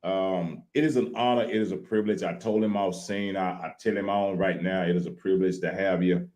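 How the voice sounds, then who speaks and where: A man's voice: low voice, steady tone, brisk, rough recording. A man from Louisiana with a Southern accent, hosting a livestream show in a folksy, casual way while wearing a headset mic. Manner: folksy, hypes the intro with loud sing-song shouts. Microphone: headphones with mic.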